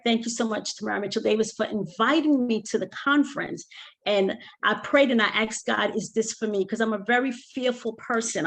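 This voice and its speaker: A woman's voice: on the high side, creaky. A woman coauthor on a video call giving a fervent testimony and repeating her key phrases for emphasis. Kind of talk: testimony in a book talk.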